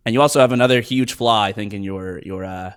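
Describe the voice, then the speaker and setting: Fast-talking low-voiced man teasing. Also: fairly bright tone, clean tone. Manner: joking, teasing. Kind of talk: casual chat.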